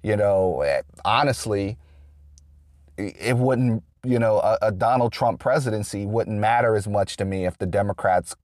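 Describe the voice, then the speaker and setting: A man's voice: on the low side, normal speed, darkish tone, dry recording, clean studio sound. A man giving an unscripted political monologue, rambling and restarting often with lots of fillers. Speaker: political commentator.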